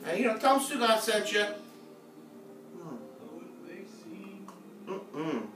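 Cooking live at home, a man jokes around with his viewers in casual, playful chat. He speaks slowly in a high, slightly bright voice with big pitch swings. The recording has faint background music, an echoey room and a mic set at a distance.

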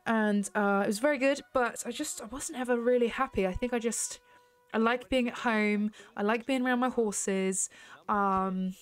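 A young English woman from the UK chatting and rambling while she plays a horse racing game, laughing at herself. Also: on the high side. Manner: chatty, rambling, self-mocking. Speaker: gaming YouTuber. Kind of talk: casual gameplay commentary.

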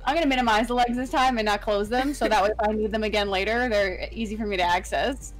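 A woman's voice: mid-range voice, steady tone, fast talker. A young woman chatting casually and teasingly while streaming a video game, giggling often. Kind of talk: casual gaming stream chat. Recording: faint background music.

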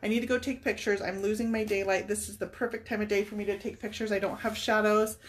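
A woman's voice: mid-range voice, level tone, quick pace. Chatty woman painting furniture on camera. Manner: chatty, thinks aloud while working. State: tearful at times. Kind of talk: casual live painting demo.

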